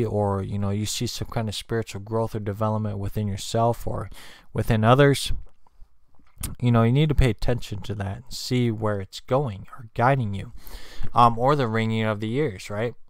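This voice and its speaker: A man's voice: fairly low pitch, steady tone, normal speed, clear, resonant tone, dry recording, clean studio sound. A man hosting his own channel, chatting casually on a livestream, rambling with many fillers and restarts, with candy in his mouth. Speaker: channel host. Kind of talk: casual spiritual livestream talk.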